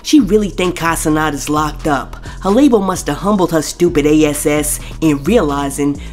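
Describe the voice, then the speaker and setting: Faint music sits behind this celebrity gossip host, whose low, slightly mellow voice moves at a normal speed. She chats directly to her audience in scripted commentary, reading posts aloud and spelling out censored swear words.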